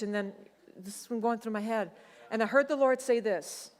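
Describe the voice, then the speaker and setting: A middle-aged woman pastor preaching a sermon, telling a personal testimony in a conversational, animated way. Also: sits high, moderate pace. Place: church sanctuary. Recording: long church hall reverb.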